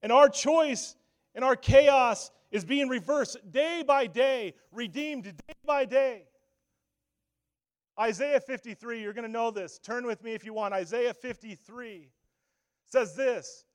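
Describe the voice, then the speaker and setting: A male pastor preaching a sermon, swinging from hushed, slow lines to loud, urgent ones. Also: extremely high pitch.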